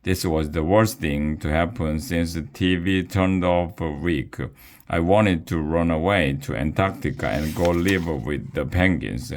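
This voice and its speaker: A man reading a children's book aloud with a slow, deliberate delivery. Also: deep voice. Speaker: reader.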